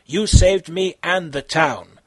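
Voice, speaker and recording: A man's voice: on the high side, slow pace, fairly bright tone, no room sound. A man voicing a tough, loyal martial-arts hero in an amateur fan-fiction reading, plain and earnest. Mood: gentle.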